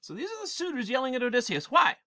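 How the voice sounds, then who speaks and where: A male teacher giving an animated, digressive literature lecture in class, with frequent restarts. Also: extremely high pitch, fast talker. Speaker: English teacher.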